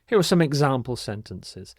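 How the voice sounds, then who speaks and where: A man teaching an English vocabulary lesson, speaking slowly and repeating words with careful, emphatic pronunciation. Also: medium pitch, very animated, no echo, studio quality.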